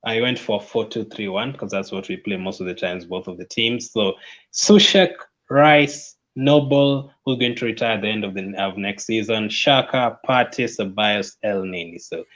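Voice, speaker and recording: Low-voiced man on a dull line. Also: moderate pace, a bit bright. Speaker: football podcast co-host. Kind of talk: casual chat.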